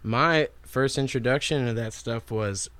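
A young man with a relaxed, rambling way of telling stories, chatting as a musician guest in an interview. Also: mid-range voice, unhurried, no echo. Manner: relaxed, rambling storytelling with many fillers. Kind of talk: casual interview chat.

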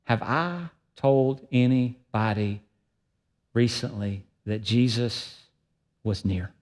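A man preaching a sermon as pastor, emphatic and swinging between loud and soft delivery. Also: mid-range voice, slow.

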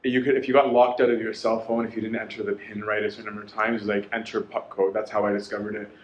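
A man's voice: on the low side, fast, muffled recording, a little hiss or hum. Storytelling man in an echoey room. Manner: animated storytelling, quoting others in dialogue. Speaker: lecturer. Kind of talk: storytelling lecture.

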